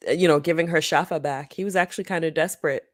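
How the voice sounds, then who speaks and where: Low-voiced woman chatting about books. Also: fairly even intonation, no room sound, clean studio sound. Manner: laughs easily, pauses with ums while thinking. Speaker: book club podcast co-host. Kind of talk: casual chat.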